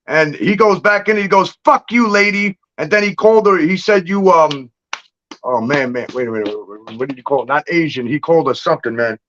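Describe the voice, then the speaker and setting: Over dull audio with slight background noise, a man with a fairly high voice talks a little fast. He's a livestream guest telling street stories, swearing freely and laughing between lines in animated fashion.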